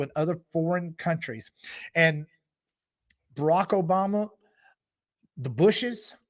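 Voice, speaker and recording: A man speaks in an unscripted political monologue, punching his key points louder between stretches of ums and restarts. His voice sits somewhat high for a man. The sound is dry and close, with no room echo. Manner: emphatic, many fillers and restarts, swells in volume on key points. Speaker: preacher giving political commentary.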